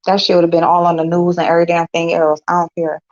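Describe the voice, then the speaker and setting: A woman's voice: fairly low pitch, completely flat delivery, quick pace, no echo. A middle-aged woman hosting a casual chat with viewers, talking bluntly and swearing freely. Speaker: host. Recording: dull lo-fi sound.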